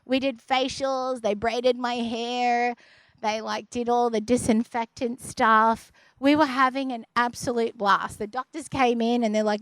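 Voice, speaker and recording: A young adult woman telling a personal story to an audience in a lively, expressive way. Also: no room sound. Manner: lively, acts out others' voices in a higher pitch; quieter and slower when describing the deep experience. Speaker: speaker sharing a personal story.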